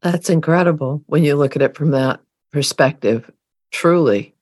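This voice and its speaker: Co-host, woman, lower voice, casual and quick to laugh. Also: darkish tone. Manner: laughing, brief affirming responses. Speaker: podcast co-host. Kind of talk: casual chat.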